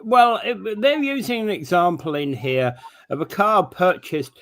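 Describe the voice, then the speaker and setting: A man's voice: high-pitched, a little slow, fairly bright tone. A man hosting a casual morning talk show, teasing his co-host dryly and stumbling through news details with lots of fillers.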